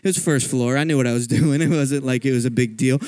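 A man's voice: medium pitch, fast, a little mellow, no room sound. Man from Philadelphia, dry sound. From Philadelphia, USA. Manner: conversational storytelling with frequent asides. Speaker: guest speaker. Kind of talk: personal testimony sermon. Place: church.

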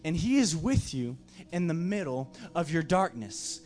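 A man's voice: fairly high pitch, big pitch swings, a little slow, hardly any pauses, darkish tone, faint music behind. A man preaching a sermon as pastor, impassioned, with emphatic repeated phrases.

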